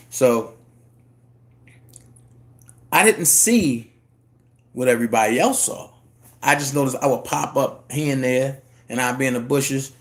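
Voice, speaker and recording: A man, telling a personal story in a casual monologue and jumping into high voices to quote people. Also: creaky. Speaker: YouTube commentator.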